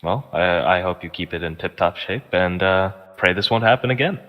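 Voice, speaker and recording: Low-voiced hesitant player on dull audio. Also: male voice, moderate pace, in a large hall. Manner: hesitant, many fillers. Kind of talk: casual chat in character.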